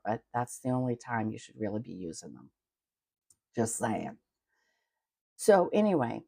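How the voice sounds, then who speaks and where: Blunt, mellow-voiced middle-aged woman. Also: a bass voice, gravelly, no echo, studio quality. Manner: blunt, chatty, swears casually. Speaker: money coach. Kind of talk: casual livestream talk.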